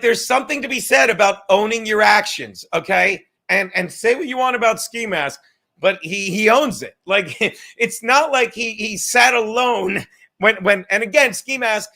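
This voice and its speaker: Bright, high-voiced ranting man. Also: lively intonation, a little slow, gravelly. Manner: profane, ranting, sarcastic, addresses chatters by name. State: says he is drunk. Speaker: podcast host reading live chat. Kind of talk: rambling profane live-stream talk.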